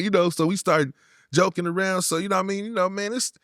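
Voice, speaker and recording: A man's voice: sits high, steady tone, fast talker, a bit bright, no room sound, clean studio sound. A man in his fifties from Oakland with a Bay Area accent, telling stories in a laid-back way, full of "you know what I'm saying" and acted-out voices. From Oakland, California. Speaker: guest rapper. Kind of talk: casual storytelling.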